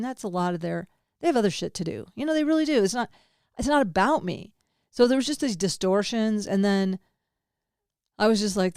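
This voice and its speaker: A woman's voice: medium pitch, darkish tone, smooth, dry recording, clean studio sound. A woman hosting a podcast, talking through a personal story in a candid, rambling way, swinging between laughter and grief and swearing casually. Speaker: podcast host. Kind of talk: personal monologue.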